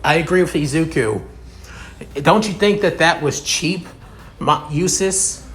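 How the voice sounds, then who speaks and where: A man's voice: fairly high pitch, a little slow, fairly bright tone, a little hiss or hum, pitched above the performer's own voice. A man voicing a level-headed young male student who speaks firmly and reasonably. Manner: firm, reasoning.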